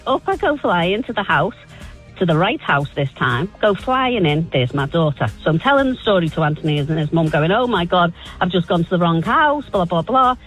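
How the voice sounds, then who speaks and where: A woman calling into a radio show, telling a funny story and jumping her voice high when she quotes herself. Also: normal speed, slightly rough, soft background music, low-quality recording. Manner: animated, voice jumps high when quoting herself. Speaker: caller.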